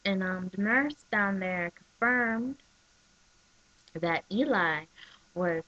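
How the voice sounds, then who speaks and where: Chatty, excitable woman vlogger, mid-pitched, dull webcam audio. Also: slow pace, no echo. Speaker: soap opera recap vlogger. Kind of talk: casual chat.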